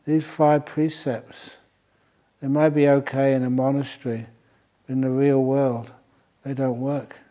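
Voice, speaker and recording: A man's voice: mid-range voice, level tone, measured pace, pauses often, dark tone, lightly acted. A man voicing a hurt male snake who complains bitterly and indignantly. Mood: disillusioned.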